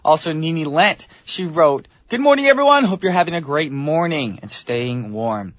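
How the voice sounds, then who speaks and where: A man's voice: a little high, a bit bright, dry recording. A man hosting a morning radio show from the studio, chatting casually and upbeat with listeners. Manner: upbeat, chatty, quick asides. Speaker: radio DJ host. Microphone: studio mic.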